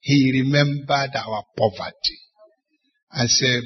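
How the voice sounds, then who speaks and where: Man, husky, dramatic sermon storytelling, dull lo-fi sound. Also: medium pitch, moderate pace. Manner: dramatic storytelling, acts out dialogue. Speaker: bishop preaching. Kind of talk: sermon with personal testimony.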